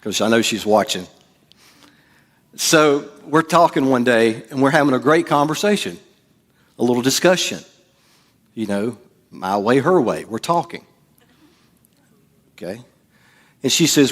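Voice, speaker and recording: A man preaches as pastor in church, conversational and jokey, acting out quotes. His mid-range, fairly bright voice is expressive, and he speaks at a measured pace, pausing often.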